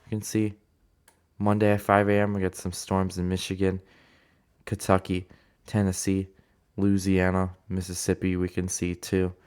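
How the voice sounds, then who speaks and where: A man's voice: low-pitched, completely flat delivery, normal speed, a little mellow, clean tone. A man casually talking through weather forecast maps, rambling with many fillers and restarts. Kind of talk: casual weather map walkthrough.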